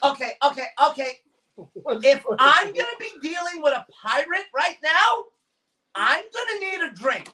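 A man co-hosting a podcast bursts into profane, excitable outbursts. His voice is very high, bright and lively. He sits a little away from the microphone. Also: normal speed, far from the mic, poor audio. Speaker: podcast co-host. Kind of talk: comedic banter.

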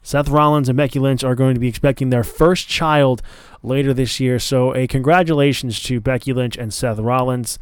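A man hosting a solo podcast in an easy, chatty way, often stopping to restart his sentences. His voice sits at an ordinary middle pitch. The sound is dry and close, with no room around it. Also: steady tone, normal speed, clean tone, no room sound. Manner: chatty, loose, many fillers and restarts. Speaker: podcast host. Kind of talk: casual solo podcast commentary.

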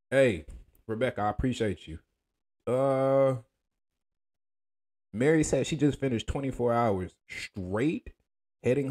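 A man hosting a casual livestream, talking in a laid-back, slangy way and greeting viewers by name with shout-outs. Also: medium pitch. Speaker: livestream host.

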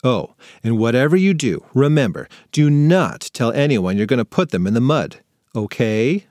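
A man's voice: medium pitch, lively intonation, normal speed, darkish tone, no room sound, clean studio sound, natural voice. A man voicing an exasperated young girl, the bossy older sister in a storybook for kids. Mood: coaxing.

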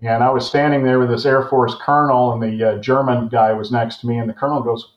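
A man's voice: medium pitch, fairly even intonation, quick pace. Chuckling older man in a roomy space. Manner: rambling, chuckling. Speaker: former naval aviator guest. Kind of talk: casual storytelling. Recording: roomy, dull audio.

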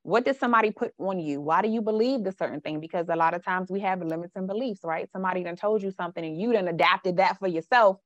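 A woman's voice: fairly low pitch, fast, few pauses, dry recording. A woman life coach, talking frankly and emphatically in a casual podcast chat. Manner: frank, emphatic, slips into dialect and quoted voices.

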